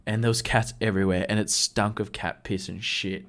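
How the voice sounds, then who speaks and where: A podcast co-host with a lowish, steady, fairly bright voice talks briskly. He tells rambling work stories packed with slang and swearing in a casual storytelling style.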